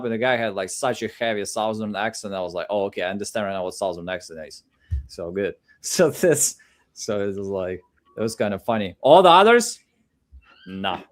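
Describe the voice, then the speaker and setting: A male livestream host in casual chat, mid-pitched and relaxed. He rambles and stumbles over repeated words while he works out his thoughts. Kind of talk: casual live-stream chat.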